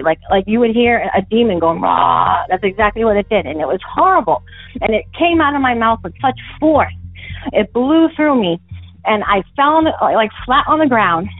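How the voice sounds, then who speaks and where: A young woman calling in to tell a paranormal story, rambling with many fillers and rising high when she recalls the panic. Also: dry recording. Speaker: caller telling a paranormal story. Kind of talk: voicemail story, casual telling. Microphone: phone. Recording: tinny phone line, dry.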